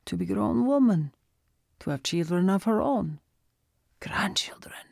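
A man's voice: sits high, expressive, unhurried, creaky, no echo, studio quality, exaggerated voice. A woman voicing the spirit of a man's dead father with a Russian accent, who speaks in clipped phrases that drop small words. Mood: persuasive. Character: father's spirit from paradise, earnest Russian man. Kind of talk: storybook narration.

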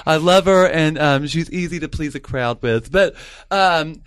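A man co-hosting a casual chat, telling a story in a chatty way with bursts of excitement. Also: fairly high pitch, unhurried, clear, resonant tone, no room sound, studio quality. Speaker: podcast co-host, drag performer.

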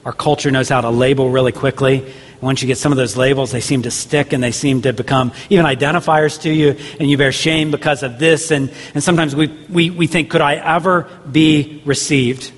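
A man's voice: mid-range voice, fairly even intonation, a little fast. Earnest preaching man in a reverberant hall. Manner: earnest, repetitive preaching with rhetorical questions. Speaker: pastor. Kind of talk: sermon.

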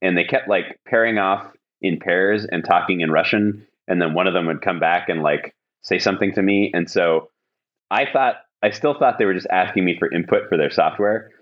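Man, very deep voice, podcast host, rambling anecdote, lots of fillers, dull lo-fi sound. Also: moderate pace. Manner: rambling anecdotal telling with many fillers and restarts. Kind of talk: casual storytelling chat.

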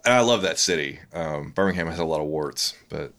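A man's voice: a bass voice, lively intonation, fairly quick, a bit bright. A man from South Louisiana, probably in his thirties, chatting casually with loose, profane storytelling and mimicked voices. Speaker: guest. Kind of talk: casual chat.

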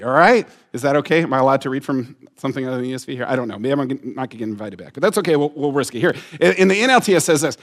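A man preaching a sermon to a congregation, talking with them and asking for shows of hands. He swings between loud emphasis and hushed, near-whispered lines. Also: medium pitch. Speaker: pastor. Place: church sanctuary with congregation.

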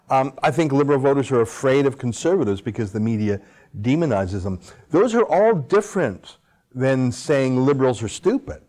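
A man's voice: medium pitch, a little mellow. Sarcastic male political commentator. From Canada. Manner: sarcastic, mocking asides and rhetorical questions. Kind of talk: opinionated monologue commentary.

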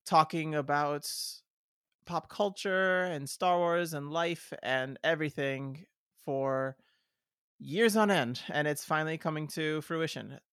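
A man's voice: on the high side, slow, fairly bright tone, clean tone, dry recording, studio quality. A man co-hosting a podcast in casual chat, wry and talkative with a slightly theatrical streak. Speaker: podcast co-host.

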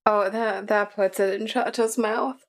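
A woman's voice: mid-range voice, fairly even intonation. A woman playing in a tabletop game, playful and a bit hesitant. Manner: playful, hesitant, drawn-out talk. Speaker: player. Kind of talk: casual tabletop game play.

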